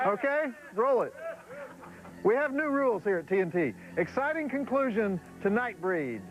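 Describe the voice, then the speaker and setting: A man's voice: sits high, very animated, normal speed, muffled recording, faint music behind. A middle-aged man hosting a horror movie night, making sardonic, drawling cracks with chuckling asides. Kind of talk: wisecracking TV movie host.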